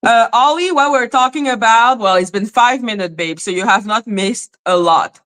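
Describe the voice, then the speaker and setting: A woman's voice: on the high side, normal speed, fairly bright tone. A woman hosting a casual livestream, chatting loosely, exclaiming and greeting viewers by name. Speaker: livestream commentary host.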